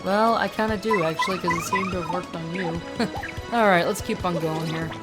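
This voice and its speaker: A woman's voice: lowish voice, moderate pace. Rambling woman narrating a game. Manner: laughing, rambling, self-mocking. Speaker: let's-play host. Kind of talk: casual gameplay commentary. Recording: game music behind.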